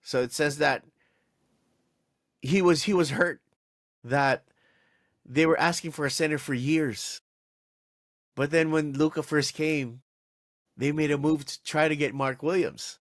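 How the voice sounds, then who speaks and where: An animated man co-hosting a sports podcast, venting with exasperation and tripping over his own restarts. His voice sits a little higher than most men's. The sound is dry and close, with no room around it. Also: measured pace, long pauses, no room sound. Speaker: podcast co-host. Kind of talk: casual sports podcast chat.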